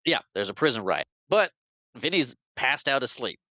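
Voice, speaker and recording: A man's voice: medium pitch, sing-song, normal speed, bright, forceful tone, no room sound. A man co-hosting a podcast, casually recapping a film and acting out the quoted lines as he goes. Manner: retells scenes, lightly acting out quoted lines. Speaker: podcast co-host.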